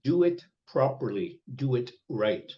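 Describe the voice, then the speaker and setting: An older man teaching an online language lesson, speaking slowly and patiently and repeating each word several times over a video call. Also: medium pitch, lively intonation. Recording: dull lo-fi webinar audio.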